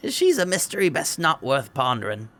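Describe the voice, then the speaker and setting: A pushy, secretive woman tout speaks in a high, squeezed voice, played by a man, wheedling and always pressing. She sounds a little off from the mic, set a step back from the table. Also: huge pitch swings, moderate pace, fairly bright tone, heavily acted.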